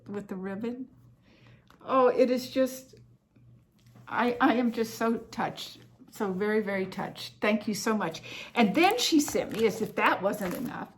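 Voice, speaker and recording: A woman hosting a cross-stitch vlog, chatting in an effusive, heartfelt way about gifts she received. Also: mid-range voice. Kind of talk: casual chat showing happy mail.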